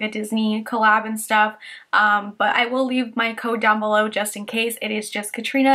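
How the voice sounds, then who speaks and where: A young woman chatting casually through a makeup review vlog, filling her talk with "like" and "um" and turning soft and emotional when she mentions her mother. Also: medium pitch. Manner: chatty, with many "like" and "um" fillers. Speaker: beauty YouTuber.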